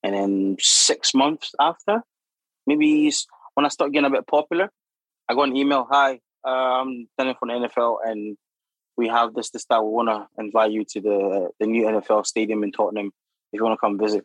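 A young man, a guest telling animated, laughing stories full of acted-out quotes. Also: lowish voice, brisk, no echo, low-quality recording. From Democratic Republic of Congo. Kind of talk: casual storytelling.

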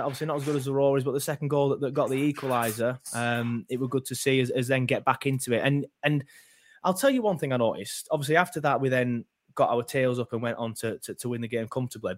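A man hosting a casual football fan chat, rambling and hesitant, full of fillers and restarts. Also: mid-range voice. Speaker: fan podcast host.

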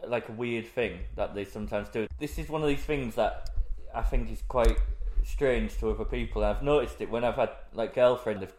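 Young man, mid-pitched voice, rambling casual talk, roomy echo. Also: normal speed, a little mellow, a little hiss or hum. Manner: rambling, self-correcting anecdotes. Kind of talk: casual chat.

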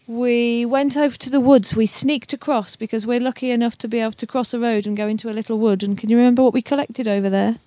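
A woman's voice: fairly high pitch, fairly even intonation, fast talker, few pauses, mellow. A woman, a parent, recapping the day's activities with her child and coaxing answers with tag questions.

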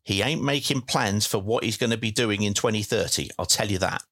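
A man's voice: lowish voice, brisk, fairly bright tone. A man co-hosting a podcast, talking football at length in a chatty, teasing way. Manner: chatty, teasing, long explanations. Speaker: podcast co-host. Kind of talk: casual football chat.

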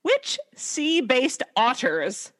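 Woman, podcast co-host, playful and giggly, high voice that swings up and down. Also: very animated, extremely slow, fairly bright tone. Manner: giggly, playful, laughs a lot. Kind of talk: casual chat, quiz questions.

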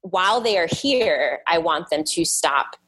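A woman's voice: on the low side, lively intonation, unhurried, fairly bright tone, a little hiss or hum. A woman guest on a podcast, talking in a casual, thoughtful way and often restarting and repeating words. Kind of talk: casual interview chat.

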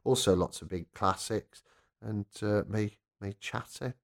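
A man's voice: fairly low pitch, measured pace, gravelly. A man, a rock radio presenter and former punk singer, telling an anecdote in a casual interview, acting out quoted voices as he goes.

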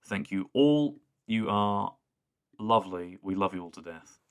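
A man's voice: lowish voice, animated, a little slow, clear, resonant tone. A man co-hosting a podcast in casual chat, easygoing and rambling, often restarting his sentences. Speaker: podcast co-host.

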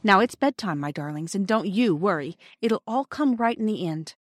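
A woman reading the part of a gentle, worried mother who soothes her children at bedtime, soft and reassuring. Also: mid-range voice, animated, normal speed, no echo, clean studio sound, lightly acted. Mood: soothing.

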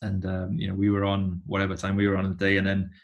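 A man's voice: low voice, completely flat delivery, fast talker, lo-fi sound. A man in his thirties, a touring musician and podcast guest, telling rambling stories with many halts and restarts. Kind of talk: casual conversation.

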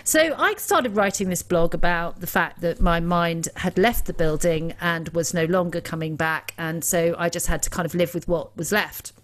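A woman's voice: lowish voice, moderate pace, few pauses. A middle-aged woman, a podcast guest, chatting in a chatty, self-mocking way, swearing freely and laughing often. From England. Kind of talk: casual chat.

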